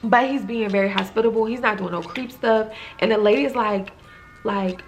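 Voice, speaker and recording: A woman's voice: a little high, animated, a little slow, faint music behind. A woman casually recapping a TV episode, retelling scenes in a loose, chatty way full of "like" fillers. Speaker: TV recap reviewer.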